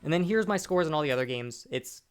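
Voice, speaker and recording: A man's voice: on the high side, animated, fast, smooth. Rambling tipsy young man, clipping mic. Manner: rambling, many restarts and fillers. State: tipsy, burping. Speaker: gaming channel host. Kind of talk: casual gameplay commentary.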